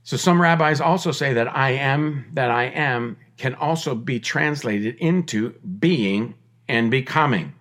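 A middle-aged man delivers a podcast sermon in an ordinary mid-range voice. He presses his points with repeated phrases and restarts, then slips into relaxed, joking asides. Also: mid-range voice, measured pace. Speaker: podcast preacher.

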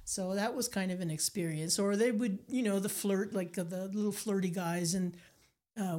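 An older woman from Nova Scotia, a guest telling animated stories in an interview, acting out the people she quotes. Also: mid-range voice, normal speed. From Nova Scotia, Canada. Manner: animated anecdotes, acts out quoted voices. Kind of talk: storytelling interview.

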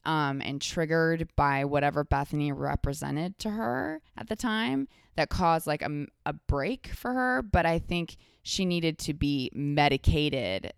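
Smooth, lower-pitched woman chatting as a guest. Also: measured pace, hardly any pauses, no echo, studio quality. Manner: animated storytelling, many "like" fillers. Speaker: podcast guest. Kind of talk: casual chat.

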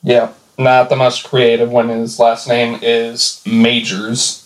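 A man co-hosts a casual podcast over an online call. His voice sits at an ordinary pitch, and he mostly drops in brief reactions and dry one-liners. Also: monotone, takes it slowly, rough recording. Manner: short reactive comments and dry quips. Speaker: podcast co-host. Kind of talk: casual chat.

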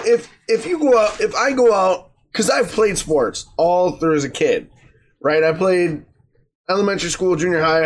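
Guy talking it through calm on a podcast, kinda high voice, bit of faint hiss. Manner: measured, reasoning with fillers and 'right?'. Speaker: podcast co-host. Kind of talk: casual podcast chat.

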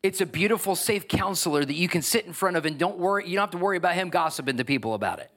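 A man preaching a sermon, building to emphatic, energetic exhortation. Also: high-pitched, very fast. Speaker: pastor.

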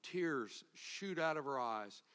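A male pastor telling a personal story in a sermon, moving from quiet, low narration to loud, impassioned preaching. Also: lively intonation, slow, clean tone.

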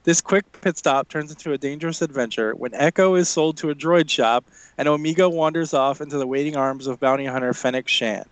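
A man's voice: a little high, fairly quick, dry recording, low-quality recording. A man co-hosting a casual podcast over a video call, joking and reading out an episode recap. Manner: joking, reads a recap synopsis aloud. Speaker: podcast co-host. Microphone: home mic on a video call.

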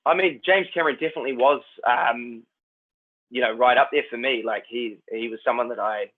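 A New Zealand man with a Kiwi accent, an actor chatting as a guest in a relaxed, rambling way. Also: medium pitch, a little fast. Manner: laid-back, rambling, says "man" and "like" a lot. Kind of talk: casual chat. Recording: tinny phone-like line.

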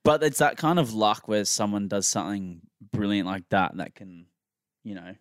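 A man's voice: fairly low pitch, normal speed, clean tone, no room sound, clean studio sound. A man, hosting a casual podcast chat and rambling enthusiastically about sport. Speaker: podcast host.

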